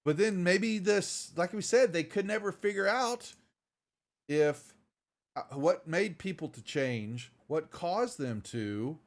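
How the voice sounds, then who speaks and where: A man's voice: high voice, expressive, slow. A man running a tabletop game on a live stream, rambling and restarting as he talks. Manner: rambling, restarts often, greets viewers. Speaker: game master.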